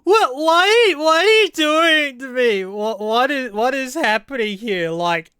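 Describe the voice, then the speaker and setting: A woman's voice: high voice, lively intonation, slow pace, few pauses, fairly bright tone, clear, resonant tone, no room sound, clean studio sound. A woman reacting in casual commentary to strange sodas, incredulous and swearing, often stammering in disbelief. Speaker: vlogger reacting to odd sodas.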